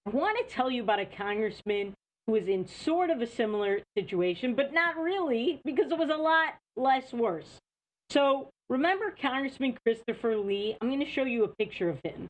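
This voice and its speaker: A woman's voice: a little high, animated, normal speed, rough recording. Indignant woman hosting a talk show. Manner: indignant, rhetorical questions. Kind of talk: opinionated political commentary.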